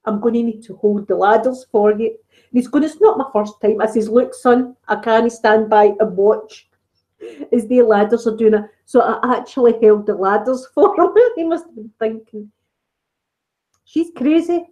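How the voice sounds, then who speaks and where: A woman's voice: on the high side, fairly quick, dark tone, low-quality recording. A middle-aged woman with a Scottish accent, hosting a casual live-stream chat on her ASMR channel and telling stories with frequent laughs. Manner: chatty storytelling, frequent laughs.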